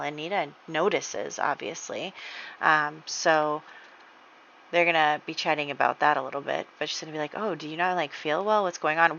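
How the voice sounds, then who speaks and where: A woman's voice: fairly low pitch, a bit bright, no echo, dull audio. A woman hosting a life-sim game playthrough, chatting along as she narrates the drama and acts out the characters' lines. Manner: chatty storytelling, acting out characters' dialogue. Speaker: let's-play host.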